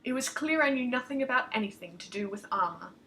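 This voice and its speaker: A woman author reading her own short story aloud in lively first-person narration. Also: a little high, fast talker, slight background noise.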